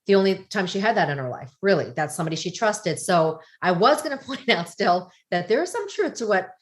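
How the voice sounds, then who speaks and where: A woman guest on a podcast, explaining ideas in a lively, conversational way and often checking in with "right?". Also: medium pitch, fairly quick. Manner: animated, explaining with frequent "right?" asides. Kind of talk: casual podcast chat.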